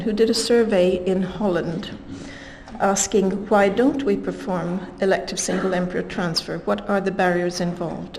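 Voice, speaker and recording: At a conference, a woman gives a scientific lecture in a mid-range, darkish voice, speaking in a measured way and leaning into the quotes she reads. The audio is poor, with faint noise underneath.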